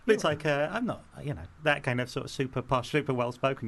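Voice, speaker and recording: A man's voice: medium pitch, expressive, fast, few pauses, fairly bright tone. A man with a London accent, co-hosting a podcast in casual chat, chatty and self-deprecating. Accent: London English. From England. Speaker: podcast co-host.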